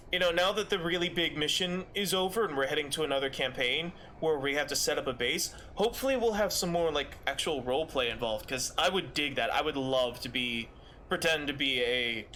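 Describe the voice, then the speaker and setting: A man's voice: on the high side, sharp tone, slight background noise. A man streaming a game, chatting casually in a rambling way with many fillers. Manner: rambling, lots of fillers and restarts. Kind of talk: casual chat while gaming.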